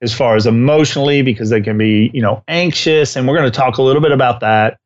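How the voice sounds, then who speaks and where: A man co-hosting a podcast on dogs talks casually and tells stories with animated energy. His voice sits in a middle range, and the recording is a little muffled and lo-fi. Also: medium pitch, fast. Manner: animated storyteller who acts out scenes. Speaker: dog trainer and co-host.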